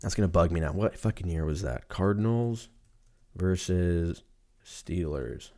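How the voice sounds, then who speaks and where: A man's voice: low voice, unhurried, mellow. A young man talking casually and profanely on his own, rambling from one thought to the next. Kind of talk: casual solo chat.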